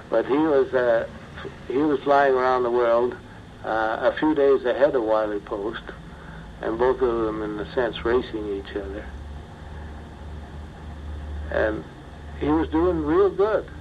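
An older man, a former pilot, slowly telling his memories in an interview, with many pauses and fillers. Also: medium pitch. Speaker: retired bush pilot. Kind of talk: oral history interview. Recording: muffled archival tape with faint hiss.

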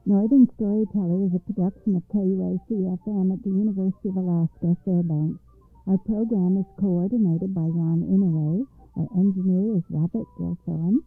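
A woman telling a fairy tale as a radio storyteller, reading in a measured, expressive way. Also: medium pitch, slightly rough, soft background music. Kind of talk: scripted fairy-tale narration. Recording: dry, tinny phone-like radio sound.

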